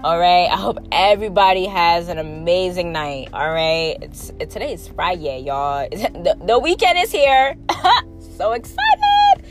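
A woman's voice: on the low side, normal speed, music in the background. A woman hosting a casual solo podcast, talking bluntly with lots of slang, swearing and rambling asides to her listeners. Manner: frequent filler questions to listeners. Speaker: podcast host.

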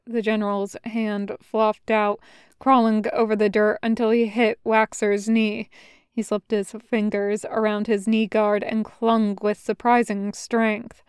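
Woman, podfic narrator, slow measured reading, very clear voice, dry close mic. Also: medium pitch, little pitch movement, dry recording. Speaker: podfic reader. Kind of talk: scripted narration of fan fiction.

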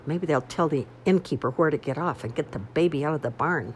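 A woman's voice: sits low, brisk, a little hiss or hum, lightly acted. A woman voicing a tough, bossy girl who talks bluntly and indignantly in a storybook reading. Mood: outraged. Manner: brash, indignant, hollering.

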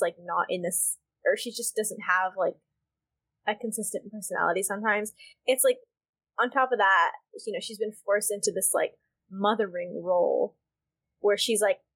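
Woman co-host, mid-pitched, heated and emphatic, casual and profane. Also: husky. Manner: heated, emphatic, swears freely. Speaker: podcast co-host. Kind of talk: casual chat.

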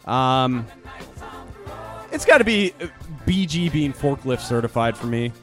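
A man's voice: medium pitch, very animated, measured pace, soft background music. A man co-hosting a podcast, chatting casually, swearing and laughing often. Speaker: podcast co-host. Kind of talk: casual chat.

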